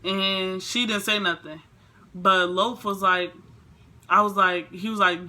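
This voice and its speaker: A young woman vlogger tells a storytime, rambling casually and leaning heavily on fillers as she animatedly retells events. Her voice is mid-range and her pace slow.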